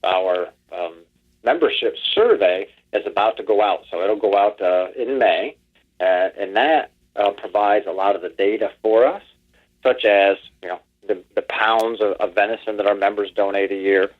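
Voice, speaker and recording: A man from Pennsylvania, a guest on a podcast, speaking by phone in a measured way with many ums. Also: fairly low pitch. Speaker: podcast guest, wildlife outreach director. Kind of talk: casual interview talk. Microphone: phone call. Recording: tinny phone line.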